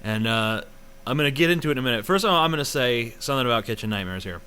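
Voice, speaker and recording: Young American guy doing a sweary, rambling review rant; crisp, bright voice. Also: medium pitch, lively intonation, very fast. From United States. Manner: profane, rambling, sarcastic. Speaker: video reviewer. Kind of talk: casual ranting review.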